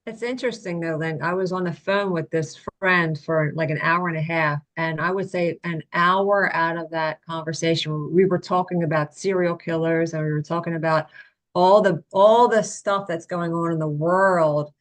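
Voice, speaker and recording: A woman's voice: on the low side, fairly even intonation, normal speed. A woman sharing personal reflections in a casual, earnest way on a video call, with many "you know" fillers. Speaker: study group participant.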